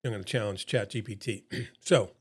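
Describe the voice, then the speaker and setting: A man's voice: lowish voice, moderate pace, husky. A middle-aged man presenting a seminar in a casual, pep-talk way, repeating his points for emphasis, his throat a bit froggy.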